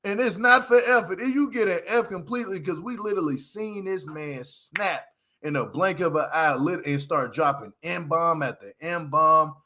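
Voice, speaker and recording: A man giving a casual, slangy recap of a reality show, with animated delivery and laughing asides. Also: a little high, moderate pace.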